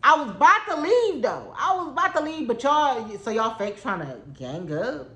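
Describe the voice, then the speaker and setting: A woman's voice: high-pitched, sing-song, moderate pace, bright, forceful tone, reverberant. A young woman, telling a heated storytime, swearing and repeating herself for emphasis. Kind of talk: storytime vlog.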